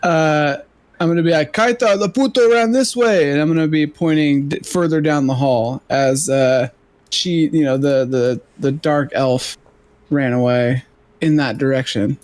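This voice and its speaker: A man playing a tabletop role-playing game, talking slowly and hesitantly with many fillers. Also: mid-range voice, little pitch movement, a little mellow, no echo. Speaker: player.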